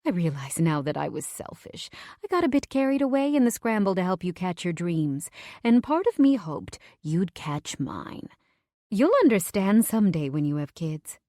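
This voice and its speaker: A woman's voice: lowish voice, sing-song, normal speed, dark tone, no room sound, studio quality. A woman reading the part of a doting, theatrical middle-aged mother in an audiobook, fond and dramatic with her endearments. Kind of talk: audiobook dialogue.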